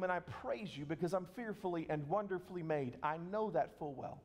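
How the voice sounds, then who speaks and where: Man, pastor, high-pitched, earnest conversational preaching, sermon, long hall reverb. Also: expressive, brisk.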